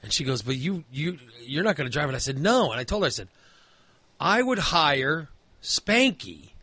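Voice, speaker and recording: Rambling bright-voiced man telling a story. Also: a little high, very animated, moderate pace, breathy edge, no echo. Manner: rambling storytelling with many fillers and restarts. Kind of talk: casual chat.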